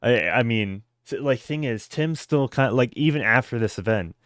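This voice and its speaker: A young man hosting a podcast in casual chat, halting and stammering with many restarts. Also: mid-range voice, expressive, a bit bright, no echo, clean studio sound. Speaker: podcast host.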